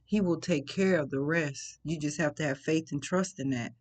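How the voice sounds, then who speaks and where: A woman's voice: sits low, moderate pace, a little mellow. A tearful woman giving an emotional faith testimony, earnest and preachy, repeating her phrases for emphasis. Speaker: faith vlogger.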